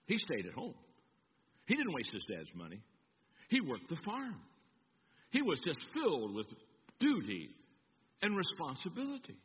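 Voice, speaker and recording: High, animated preaching man. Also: husky. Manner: animated storytelling, acting out voices. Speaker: pastor. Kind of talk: sermon with humorous stories. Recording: echoey church hall, dull sound.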